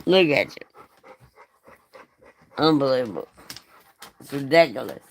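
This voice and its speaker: A woman rambles through a casual vlog, swearing freely and cooing at her dog in playful baby-talk. Her voice is gravelly and she talks in slow, drawn-out phrases that swing widely up and down in pitch. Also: expressive, a little hiss or hum. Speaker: vlogger talking to her dog.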